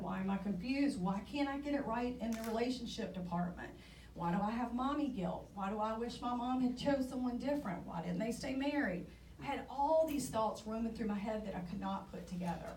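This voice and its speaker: A woman's voice: medium pitch, a little mellow, far from the mic, slight background noise. A woman in her forties tells her own story to an audience in a frank, conversational way, sometimes laughing at herself. Her voice rings through a roomy hall and is picked up from a little way off the mic. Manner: candid, conversational, self-deprecating. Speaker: speaker. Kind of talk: personal storytelling talk. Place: theatre stage.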